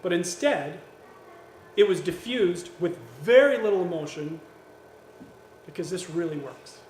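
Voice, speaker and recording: Animated pastor, high voice, echoey hall. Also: male voice, measured pace, soft background music. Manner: animated, acts out quoted voices with jokes. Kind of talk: sermon. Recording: echoey church hall with faint ambience.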